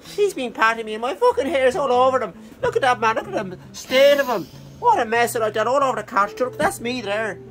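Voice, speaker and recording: A cocky, foul-mouthed pet dog, as a man puts it on, pitched well above a man's normal voice and bursting with loud glee. He swears freely and brags without a care. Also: lively intonation, fairly quick, poor audio. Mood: cheeky carefree. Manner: cheeky, swearing, boastful.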